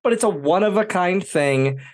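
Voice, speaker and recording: A man's voice: sits high, expressive, moderate pace. A man hosting a podcast in casual chat, laid-back and agreeable. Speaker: podcast host.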